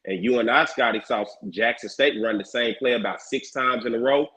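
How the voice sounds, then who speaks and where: A man on a sports talk show, analyzing a football game in a measured way and asking rhetorical questions. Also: mid-range voice, pushed and bright, rough recording. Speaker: show panelist.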